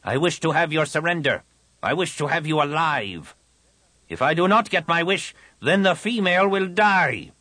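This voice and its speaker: A man's voice: fairly high pitch, animated, normal speed, pushed and bright, dry recording, voice pushed up. A man voicing a cold, haughty alien military commander in an audiobook.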